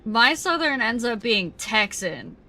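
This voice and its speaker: A young woman chats to her stream audience while she plays, giggling often. Her voice is bright and unhurried. Faint game music hums in the background. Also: on the high side, very animated. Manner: chatty and giggly, talks to chat. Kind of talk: casual live game stream chat.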